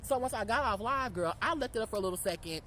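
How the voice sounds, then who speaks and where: A young man telling a storytime about a fight in a profane, sassy, animated rant. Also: high-pitched, fast talker, a little hiss or hum, low-quality recording. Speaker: storytime vlogger.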